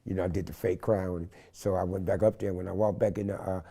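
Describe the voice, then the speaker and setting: An older man from San Francisco, telling stories in an interview with an animated, slangy manner and loud acted-out quotes. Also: sits low, fast, vocal fry. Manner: animated, acts out quotes loudly, street slang. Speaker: interview guest. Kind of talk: storytelling in an interview.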